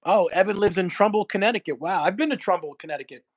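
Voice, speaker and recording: A man's voice: high-pitched, fast. A man hosting a casual chat, chiming in with eager agreement. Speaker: host.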